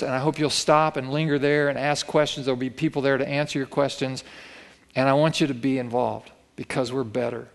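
A man's voice: a little high, clean tone. A man preaching a sermon, telling a story vividly and acting out the quoted lines. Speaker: pastor. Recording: long reverb of a church hall.

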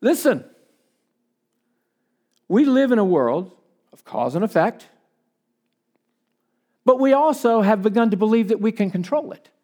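A man preaching a sermon as pastor, emphatic, repeating key phrases for weight and dropping into conversational asides with quick restarts. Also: high voice, darkish tone.

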